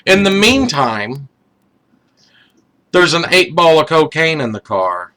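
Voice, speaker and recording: A man's voice: fairly high pitch, very animated, takes it slowly, bright, forceful tone. A man on a podcast chatting casually, with many hesitant fillers and wry asides. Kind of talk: casual chat.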